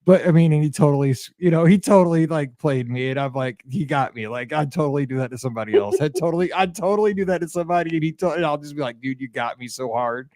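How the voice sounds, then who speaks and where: A middle-aged man co-hosting a podcast, telling an animated story and acting out the quotes in casual chat. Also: a little high, fast, hardly any pauses, no echo, studio quality. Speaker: podcast co-host.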